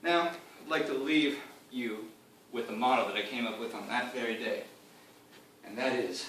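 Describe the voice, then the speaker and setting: A man's voice: medium pitch, moderate pace. Man spinning a rambling comic tall tale. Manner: rambling storytelling, loud acted-out quotes, chuckling asides. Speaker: speaker giving a comic presentation. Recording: echoey room from far off, faint hiss.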